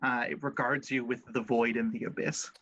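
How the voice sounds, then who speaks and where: A man's voice: medium pitch, level tone, moderate pace, a bit bright, a little hiss or hum. Man, tabletop player, dry delivery, muffled lo-fi sound. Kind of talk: casual tabletop play.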